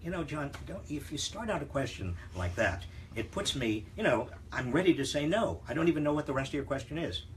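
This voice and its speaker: Brief older male host, slightly high voice, lively wry delivery, full of ums and restarts. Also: slight background noise. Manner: conversational, halting with many fillers and restarts; wry, teasing humor. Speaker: host answering viewer questions. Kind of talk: live Q&A show.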